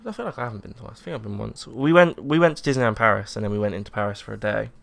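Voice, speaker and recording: A man's voice: fairly low pitch, expressive, very fast, creaky, fairly bright tone. A man chatting casually on a podcast, hesitant and chatty, trailing off and restarting. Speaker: podcast co-host. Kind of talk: casual chat.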